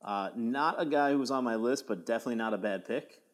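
A man co-hosting a casual golf podcast, speaking in a low-key way with frequent ums and hesitations. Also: fast. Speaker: podcast co-host. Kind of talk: casual chat.

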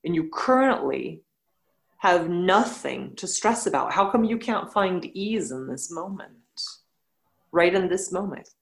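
Woman, low pitch, blunt, animated storyteller, yoga teacher, podcast guest. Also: measured pace, gravelly, poor audio. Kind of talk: casual podcast conversation.

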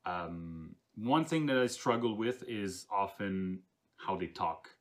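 A man who runs tabletop games, talking casually in a halting way with restarts and soft laughs. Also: lowish voice, animated. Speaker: game master. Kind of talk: casual podcast chat.

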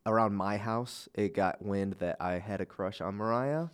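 Laid-back young guy, low voice, swearing casually. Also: normal speed, smooth. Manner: laid-back, swears freely, lots of "like" and "dude". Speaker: podcast co-host. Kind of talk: casual chat.

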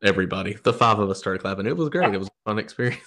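A man's voice: on the low side, animated, racing, a bit bright. A man co-hosting a podcast, talking about movies in a rambling, enthusiastic way, with frequent restarts. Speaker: podcast co-host. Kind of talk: casual film discussion.

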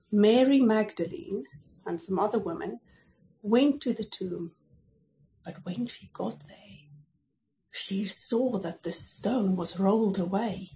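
Slow, mellow woman telling a Bible story. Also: medium pitch, lo-fi sound, a little hiss or hum. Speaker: storyteller at a church service.

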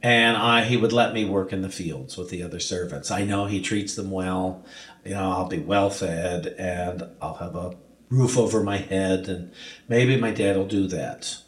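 Man playing a shamed young son, low-voiced and hesitant, in an echoey room. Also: a little slow. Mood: humble. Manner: subdued, hesitant. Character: humbled young son, ashamed and hungry. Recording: roomy echo.

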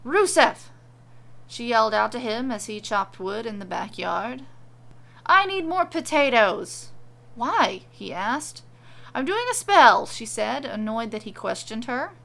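A woman reads a comic tale aloud in a dry, deadpan manner. Her voice sits fairly high with a thick gravelly fry. She lets the absurd lines land without fuss. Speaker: storyteller. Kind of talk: comedic storybook narration.

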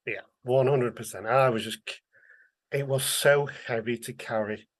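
A man's voice: mid-range voice, moderate pace. A man, a guest telling his life story candidly and earnestly, acting out the voices of people he quotes. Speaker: interview guest, author.

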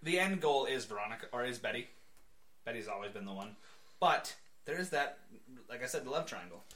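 A medium-pitched man speaks a little fast as co-host of a casual podcast about comic books. He's animated, laughs often, and acts out quotes as he chats.

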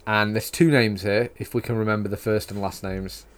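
A young man with a Yorkshire accent hosts a casual podcast chat, rambling with plenty of fillers and teasing his guests. His voice is fairly low, his intonation fairly even, and he speaks at a normal speed.

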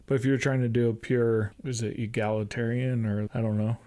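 A man's voice: mid-range voice, little pitch movement, fairly quick, mellow. A man co-hosting a podcast, talking casually and hesitantly with many fillers and restarts. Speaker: podcast co-host. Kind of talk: casual chat.

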